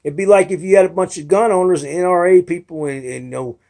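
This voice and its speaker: Rambling, argumentative man, slightly high voice. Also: quick pace, vocal fry, dark tone. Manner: rambling, restarts often, mimics others in quotes; argumentative, frustrated. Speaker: video blogger. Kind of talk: casual rambling monologue.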